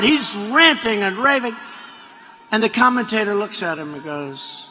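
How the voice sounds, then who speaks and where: A man's voice: high-pitched, sing-song, normal speed, bright, forceful tone, a little hiss or hum. Boisterous man giving a rambling rally speech. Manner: rambling, mocking, repetitive asides. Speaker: politician speaking at a rally. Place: large rally venue. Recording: reverberant hall audio.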